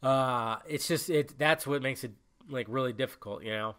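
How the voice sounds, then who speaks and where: A man's voice: mid-range voice, normal speed, fairly bright tone, smooth. A young man hosting a casual solo podcast, rambling and emotional, cursing often as he talks. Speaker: podcast host.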